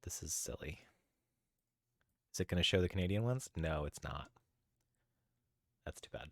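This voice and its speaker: A man's voice: low voice, lively intonation, fairly quick, a bit bright, no room sound, studio quality. A man streaming live, chatting casually with viewers while coding and getting sidetracked. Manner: easily sidetracked, greets chatters by name; chatty, thinks aloud while searching.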